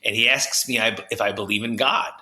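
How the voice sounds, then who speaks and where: A man from New Jersey, a podcast guest, telling his story with high energy, lots of restarts and "you know"s. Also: fairly even intonation, a little fast, sharp tone. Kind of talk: animated storytelling in conversation. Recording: roomy echo.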